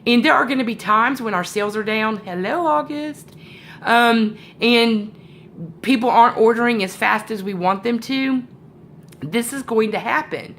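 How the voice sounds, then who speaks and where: A woman's voice: on the high side, moderate pace, fairly bright tone, a little hiss or hum. Woman with a sore throat giving a team pep talk. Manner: rambling, many fillers and self-corrections. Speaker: sales team leader. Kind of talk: casual motivational talk to her team. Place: home.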